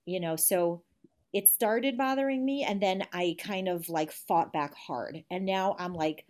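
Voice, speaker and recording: A woman in her forties with a fairly low, darkish voice speaks unhurriedly as a guest in a conversational interview. She is reflective and candid, and often restarts her sentences.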